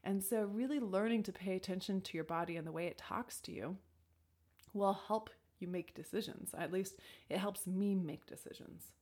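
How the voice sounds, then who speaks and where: Her voice sits on the low side, slightly mellow with a breathy edge. Sharing personal advice in a reflective, casual way, she muses on intuition and decision-making, often saying "like," restarting sentences, and at times nearly whispering.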